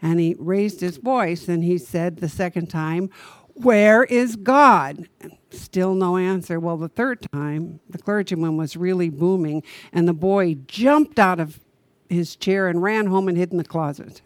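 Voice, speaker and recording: A woman minister preaching a sermon in a conversational, storytelling way. She asks the congregation rhetorical questions and slows down to stress her key points. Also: on the low side, fairly even intonation, darkish tone, no room sound.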